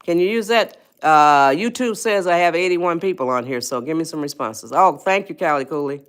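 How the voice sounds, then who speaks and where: A woman's voice: low-pitched, normal speed, smooth. A woman hosting a motivational live stream, coaxing and repeating herself as she talks straight to viewers in the chat. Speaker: host of a self-help live stream.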